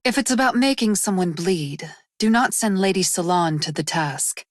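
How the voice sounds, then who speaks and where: Brief: a woman playing a cool, measured game operative, low-ish voice, dry close sound. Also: lively intonation, no room sound, close to an everyday voice. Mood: composed. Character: calm, composed female game operator. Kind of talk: video game character voice.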